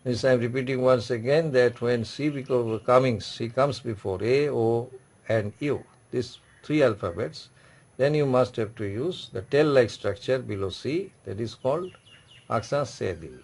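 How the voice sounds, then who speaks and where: Gravelly-voiced man teaching a class. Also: medium pitch, a little mellow. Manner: repetitive, explains slowly with many restarts. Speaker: French teacher. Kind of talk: classroom lecture.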